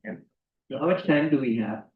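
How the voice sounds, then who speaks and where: A man's voice: mid-range voice, a little fast, phone-quality sound. Emphatic man lecturing in a roomy hall. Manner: emphatic, repeats key phrases. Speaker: guest lecturer. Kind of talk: lecture to students. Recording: roomy hall, distant mic.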